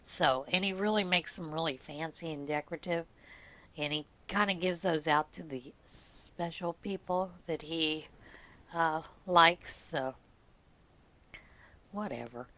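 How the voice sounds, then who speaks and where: Speaking a little slowly, this middle-aged knitting podcast host has a low-sitting voice that sounds pushed and bright. She laughs a lot while sharing teasing, good-natured stories in a chatty, casual craft vlog.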